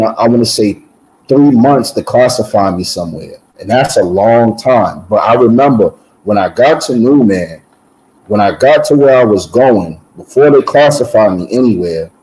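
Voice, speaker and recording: A man recounts his own past in a relaxed conversational testimony. His voice is warm and mellow, sitting at an ordinary pitch. He repeats words as he goes and breaks into voices for other people. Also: moderate pace, poor audio. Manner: animated storyteller, repeats words, acts out voices. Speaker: guest giving testimony. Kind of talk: personal testimony in casual conversation.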